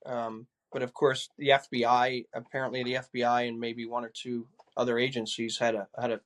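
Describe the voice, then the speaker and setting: A man's voice: medium pitch, little pitch movement, a little fast. An older man, a retired police chief, earnestly recounting personal experiences in a conversation, often repeating words as he goes.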